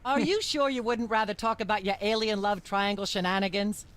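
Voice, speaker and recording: A woman voicing a condescending talk show host in a video game, with sharp, acerbic remarks. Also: mid-range voice, fairly even intonation, a little fast, close to an everyday voice. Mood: haughty.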